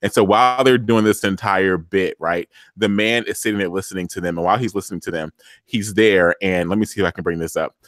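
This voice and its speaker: A man's voice: sits low, fast, fairly bright tone, no echo. Joking man host, dry sound. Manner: joking, tangents, apologetic laughter. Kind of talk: casual recap chat.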